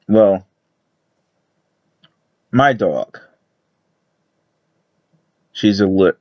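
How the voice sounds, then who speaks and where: A man's voice: fairly low pitch, very slow, pauses often, dry recording, lo-fi sound. A man giving casual reaction commentary, rambling and hesitant with many fillers. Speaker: video reactor.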